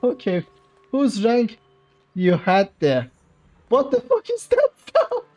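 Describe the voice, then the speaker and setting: A man's voice: very high-pitched, huge pitch swings, slow pace, darkish tone. A man from Iran with a Persian accent, his first language being Persian, chatting casually with his chat on a game livestream, laughing often and bantering playfully. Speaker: streamer.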